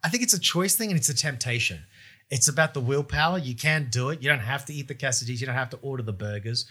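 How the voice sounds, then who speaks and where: A man's voice: mid-range voice, fast talker, pushed and bright. A man co-hosting a casual chat as a stand-up comedian, rambling, laughing often and swearing casually. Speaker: podcast co-host, stand-up comedian.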